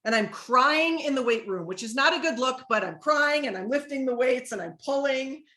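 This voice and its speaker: A middle-aged woman hosting a live motivational talk, telling a personal story and acting out the quoted lines in a higher voice. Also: lively intonation, normal speed, pushed and bright, a little hiss or hum.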